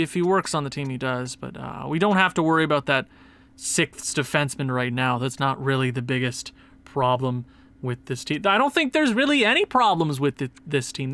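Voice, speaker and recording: Excitable young man narrating his gameplay. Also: fairly high pitch, clear, resonant tone. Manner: excitable, talks to himself while playing. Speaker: gaming video host. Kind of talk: gameplay commentary.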